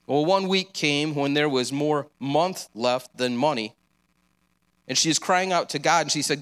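A man's voice: on the high side, measured pace, fairly bright tone, clean tone. A man preaching a sermon, earnest and encouraging, with casual asides.

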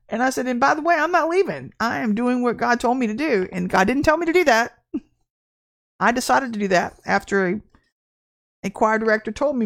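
A woman giving an impassioned spoken testimony to camera as an online prophetic minister, emphatic and animated, acting out the voices she quotes. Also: fairly high pitch, fairly quick, creaky. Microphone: camera mic, speaking to camera.

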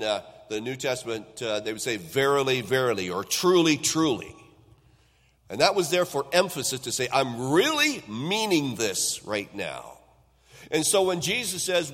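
A man preaching a Sunday sermon at a middle pitch. He pushes up loud on key phrases and lets the ends of his lines fall off quietly. His voice carries a long reverb tail through the church sanctuary. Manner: swings between loud emphatic build-ups and quiet trailing endings. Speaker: pastor.

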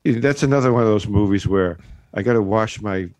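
A man with a very deep voice, recorded close and dry, gives blunt, dismissive opinions. He talks plainly and casually with a group of friends. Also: fairly quick, darkish tone, dry recording. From Boston area.

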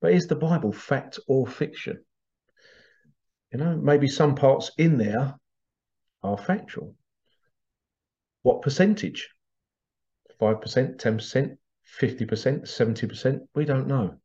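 A man's voice: mid-range voice, animated, measured pace, pauses often, dark tone, muffled recording. A man hosting a podcast, talking in a loose, rambling monologue with frequent restarts and laughs. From Britain. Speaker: podcast host. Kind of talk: casual monologue.

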